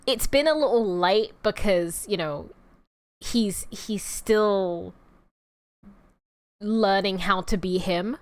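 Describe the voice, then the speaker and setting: A woman's voice: mid-range voice, slow, long pauses, no room sound. A woman chatting on a live stream, talking to her viewers at length. She rambles in a playful, easygoing way and drifts between asides. Her voice sits in an ordinary middle range. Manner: addresses viewers as "you guys" and "y'all". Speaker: VTuber streamer. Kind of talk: casual stream chat.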